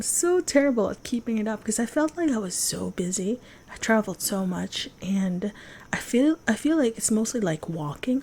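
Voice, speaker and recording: Chatty young woman hosting a solo podcast. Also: mid-range voice. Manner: chatty, self-deprecating, many fillers. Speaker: podcast host. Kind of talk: casual solo chat.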